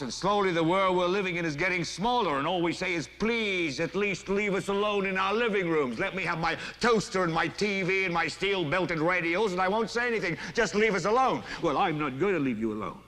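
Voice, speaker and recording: A furious male TV anchor ranting on air, his voice sitting high and ringing bright as he climbs from a grim, weighty lecture into full shouting. It is film audio with a long reverb tail hanging behind every line. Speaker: television news anchor. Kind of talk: dramatic film monologue.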